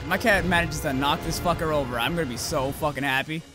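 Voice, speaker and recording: A man giving profane, excitable commentary while playing a video game, yelling at the monsters. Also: fairly high pitch, quick pace. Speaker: let's play gamer. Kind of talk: gameplay commentary. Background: game music.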